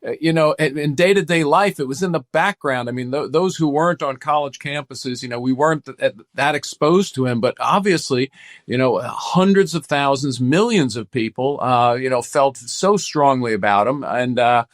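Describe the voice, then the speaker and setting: Halting man answering as a guest. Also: mid-range voice, no echo, clean studio sound. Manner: halting, many fillers and restarts. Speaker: congressman guest. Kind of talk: interview answers.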